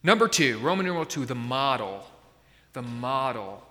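A man's voice: mid-range voice, sing-song, moderate pace, sharp tone, long reverb tail. A man preaching a sermon in a conversational way, often checking in with his listeners. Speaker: pastor.

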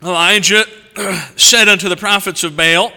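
A man preaching an expository sermon, reading scripture and stopping to comment on it. His voice is high-pitched and smooth, and he moves from forceful emphasis to hushed asides. He sounds like he is in a large church, with a long reverb trailing every phrase. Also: a little slow. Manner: animated, swings between loud emphasis and quiet asides.

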